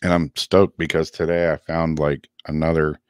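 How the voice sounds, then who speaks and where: A man's voice: very deep voice, level tone, moderate pace, dry recording, clean studio sound. A laid-back man co-hosting a casual livestream, chatting and reading card meanings aloud, laughing easily while losing his voice. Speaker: co-host.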